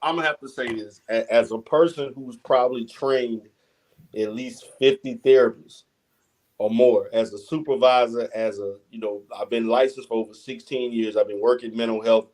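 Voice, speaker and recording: A man's voice: medium pitch, steady tone, moderate pace, a little mellow, rough recording. A man who is a licensed therapist, speaking as a livestream guest with assurance and frequent restarts.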